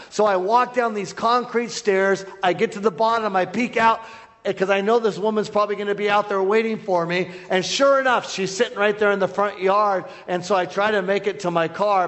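High-voiced man preaching in a reverberant church. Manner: loud, with many repeated restarts. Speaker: guest preacher. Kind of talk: sermon storytelling. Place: church hall. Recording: long hall reverb.

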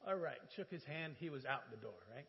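A man preaching in a church and telling a personal story, animated and humorous, acting out conversations. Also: on the high side, a little fast, gravelly. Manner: animated, acts out dialogue with humor. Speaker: pastor. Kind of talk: sermon storytelling. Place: church sanctuary. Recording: dull, reverberant church audio.

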